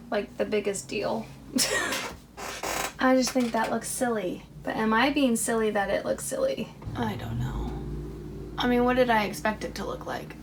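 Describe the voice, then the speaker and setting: A woman's voice: on the high side, noisy background. A young woman talking to herself as she crochets a toy, chatty and self-deprecating, laughing at her own mistakes. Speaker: crochet vlogger. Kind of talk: casual self-talk while crafting.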